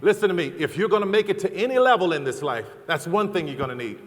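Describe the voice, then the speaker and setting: A middle-aged man giving a fervent, preacherly convention speech, building to loud repeated calls. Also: high voice, expressive, fast. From American South. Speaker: keynote speaker. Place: large convention hall. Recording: long hall reverb.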